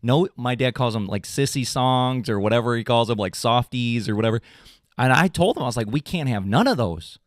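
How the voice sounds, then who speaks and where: A young adult man, a podcast host, ranting in an animated, casual, swearing way. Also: brisk, no echo, studio quality. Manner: animated, swearing, mocking voices in high pitch. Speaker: drummer in a pop punk band. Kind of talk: casual comedic rant.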